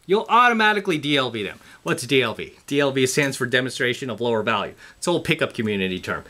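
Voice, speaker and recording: Bright, forceful and sing-song at a mid-range pitch, this self-improvement vlogger speaks quickly as he lectures viewers to camera. His motivational talk is emphatic, blunt and full of profanity, repeating itself constantly while he addresses the audience as "guys".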